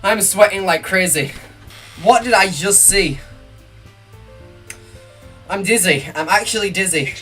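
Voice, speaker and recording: A young male streamer reads game text aloud in a bright, forward voice, then bursts into jittery, panicky rambling. Soft game music plays faintly behind him. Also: high voice, a little slow, long pauses. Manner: excitable, panicky outbursts and nervous rambling.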